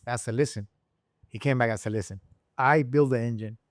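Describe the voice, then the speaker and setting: A man from Rico, a guest and engine builder telling a story in a casual interview, acting out the people he quotes with sudden high voices. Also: brisk, no room sound, studio quality. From Puerto Rico. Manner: animated storyteller who acts out quoted people with jumps in pitch.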